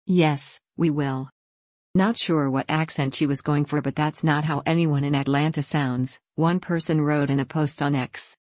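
A woman reading a news article aloud in a steady, scripted way. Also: sits low, normal speed, few pauses, dry recording. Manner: even, read-aloud delivery. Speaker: news reader.

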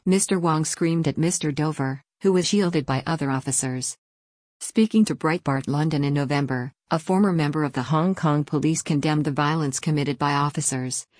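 A woman narrating a scripted news report in an even, formal read-out manner. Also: sits low, moderate pace, no echo, studio quality.

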